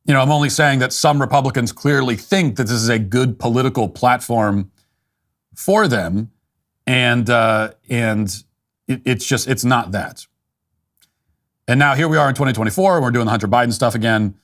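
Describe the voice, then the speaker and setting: Male commentator, blunt and dismissive, mid-pitched, trips over restarts. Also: normal speed, fairly bright tone. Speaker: political commentator. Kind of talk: opinionated monologue.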